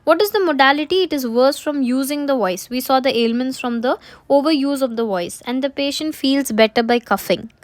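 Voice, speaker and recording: High-voiced woman giving a lecture. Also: brisk, dry recording. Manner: repeats points, asks and answers own questions. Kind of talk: medical lecture.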